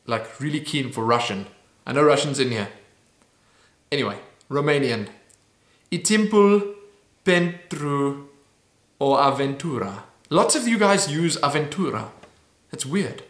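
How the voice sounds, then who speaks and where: A man's voice: fairly high pitch, fairly bright tone. Playful man in an echoey room. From South Africa. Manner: playful, laughing, sounding out foreign words slowly. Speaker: YouTube host. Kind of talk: casual Q&A chat.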